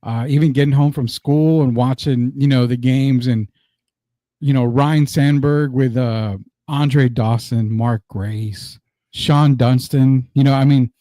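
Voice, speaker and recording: Mellow-voiced man in casual sports talk. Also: mid-range voice, fairly even intonation, takes it slowly, no echo, clean studio sound. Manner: rambling, reminiscing, many "you know" fillers. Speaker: sports talk show host.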